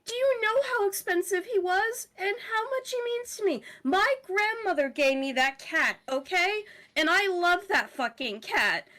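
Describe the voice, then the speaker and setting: A woman's voice: very high voice, expressive, measured pace, hardly any pauses, pushed and bright, voice pushed up, full character voice. A woman voicing a frantic, wealthy woman who is furious that her cat was lost. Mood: outraged.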